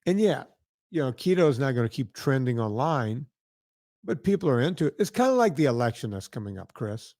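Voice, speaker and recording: Man, podcast host, casual rambling storyteller, mid pitch, dry close sound. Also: very animated, a little fast, a little mellow, no echo. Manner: rambling, tag questions like "right?".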